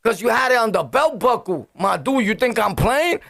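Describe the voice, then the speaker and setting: Middle-aged New York man, vlogger storyteller, lively high voice with gravelly edges, dry close sound, slangy and laughing. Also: normal speed, no room sound. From Brooklyn, New York. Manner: acts out scenes with loud yelps and sound effects; slangy, laughing, talks straight to viewers. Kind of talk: animated street storytelling.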